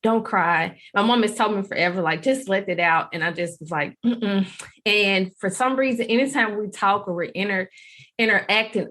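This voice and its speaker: A woman's voice: medium pitch, fairly bright tone. A woman hosting a podcast interview, talking in an effusive, gushing and candid way. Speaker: podcast host. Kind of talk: casual interview talk.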